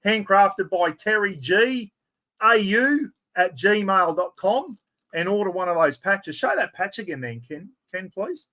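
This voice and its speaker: A middle-aged Australian man hosting a live giveaway stream, chatty and excitable, full of blokey slang. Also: high-pitched, unhurried. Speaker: livestream host.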